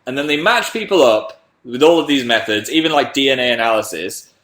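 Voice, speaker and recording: A man with a bright, clear voice chats casually on a livestream. He reads out viewer messages and wanders off on tangents in a rambling, self-deprecating way, pitched at a middle, ordinary level. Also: lively intonation, brisk. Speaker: livestream host.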